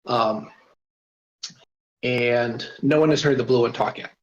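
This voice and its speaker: A man reads his own story aloud casually, pausing for asides and apologies. His mid-range voice moves slowly, captured on a voice-chat mic with roomy, dull audio.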